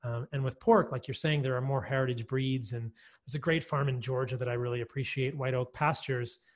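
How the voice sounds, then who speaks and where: A man's voice: mid-range voice, fairly even intonation, fairly quick. A man who is a guest expert on a podcast, explaining at length in an enthusiastic, chatty way. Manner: enthusiastic, explanatory, with frequent fillers and laughs. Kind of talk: conversational podcast interview.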